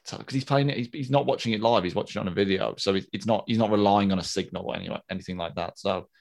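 Man, lowish voice, podcast co-host, rambling and hesitant, casual chat. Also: rapid-fire, creaky, a little mellow. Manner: rambling, hesitant, many ums.

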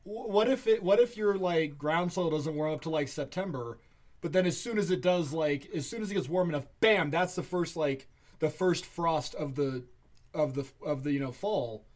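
A man's voice: fairly high pitch, moderate pace, a little mellow. A man in casual chat as a podcast co-host, emphatic and indignant, swearing freely.

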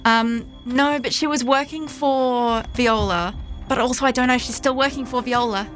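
A woman's voice: fairly high pitch, steady tone, moderate pace, fairly bright tone, soft background music. A woman playing a tabletop game, thinking aloud and weighing her options. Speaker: player. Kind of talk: casual tabletop play.

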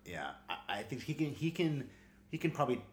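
A man's voice: mid-range voice, sing-song, a little fast, reverberant, a little hiss or hum. A man chatting casually as a podcast co-host, rambling with lots of fillers and frequent laughter. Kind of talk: casual chat.

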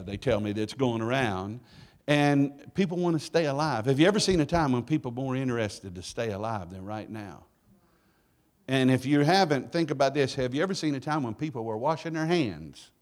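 Middle-aged guy preaching, lively swinging voice, kinda high, jokey and calls out to the crowd. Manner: playful, call-and-response with congregation. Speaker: guest preacher. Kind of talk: sermon. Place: church sanctuary.

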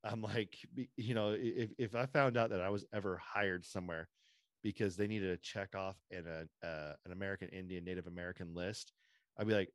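Deep-voiced rambling podcast host man. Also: fairly quick, dry recording, clean studio sound. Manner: opinionated, rambling with stuttered restarts. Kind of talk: casual political chat.

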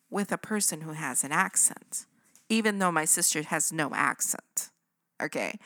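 Casual woman podcast host, lively swinging delivery, bright dry sound. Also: mid-range voice. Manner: animated, chatty, keeps checking in with "right?" and "okay?". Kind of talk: casual storytelling.

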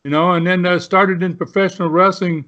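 A man's voice: sits high, fairly even intonation, a little fast, a bit bright, lo-fi sound. A man in his seventies, a guest telling old stories in a rambling way, full of fillers. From Southern United States. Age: 70s. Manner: rambling storyteller with many fillers. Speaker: guest, retired pro wrestler. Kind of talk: storytelling interview.

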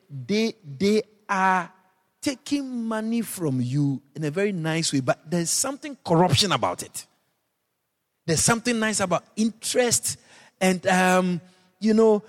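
A Guyanese man preaching a radio sermon, emphatic, dropping into low asides and rising into high shouted repeats. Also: big-room sound.

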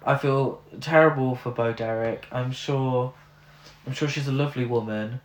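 A man's voice: medium pitch, steady tone, normal speed. A man co-hosting a casual film review, ranting in an exasperated way with plenty of fillers. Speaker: podcast co-host. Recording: roomy echo.

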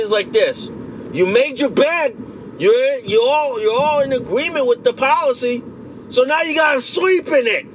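A man's voice: high voice, highs cut off, noisy background. A man delivering a heated, profane rant, repeating himself and piling on insults. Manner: profane, repetitive, heated ranting. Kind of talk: angry political rant vlog.

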